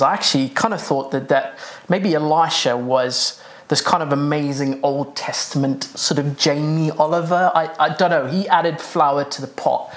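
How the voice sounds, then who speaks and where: A man preaching a sermon in a conversational way, with many fillers and restarts. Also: a little high.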